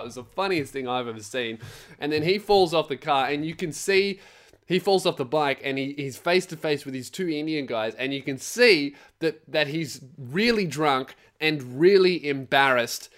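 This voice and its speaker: Profane man ranting, fairly high voice. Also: normal speed. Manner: profane, animated storytelling with laughs. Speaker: podcast host. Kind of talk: casual comedic rant.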